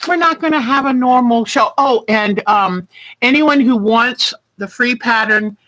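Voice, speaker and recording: Middle-aged woman, chatty and rambling, who talks in an unhurried way with a bright tone. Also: fairly high pitch, dry recording, rough recording. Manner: chatty, rambling, greets viewers by name. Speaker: quilting livestream host. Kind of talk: casual chat.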